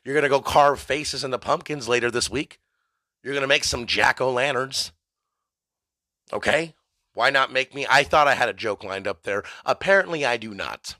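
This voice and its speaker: A male podcast host delivering a rambling, mock-ranting comedic monologue, profane and deadpan absurd. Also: mid-range voice, normal speed, no room sound, studio quality.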